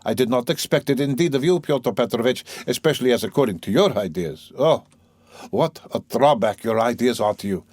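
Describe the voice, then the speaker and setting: A man's voice: medium pitch, expressive, brisk, a little mellow, dry recording, lightly acted. A man reading the part of a fervent, idealistic young radical, speaking in an earnest, eager, lecturing way.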